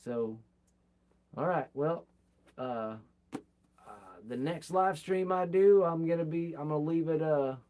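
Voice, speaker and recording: A man's voice: fairly high pitch, takes it slowly, pauses often, darkish tone, slight background noise. A man reading a biography aloud and adding his own comments, acting out the quoted people with bursts of energy. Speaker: reader of a biography.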